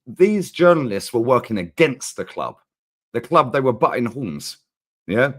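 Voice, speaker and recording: A man co-hosting a casual football chat, ranting in an animated, slangy way. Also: mid-range voice, unhurried. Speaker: co-host.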